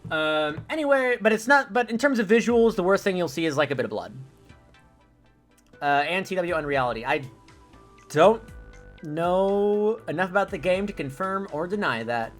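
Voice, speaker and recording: A man's voice: high-pitched, expressive, moderate pace, faint music behind. A young man streaming a video game, chatting casually with his viewers in a rambling way with lots of fillers. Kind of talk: casual let's-play commentary.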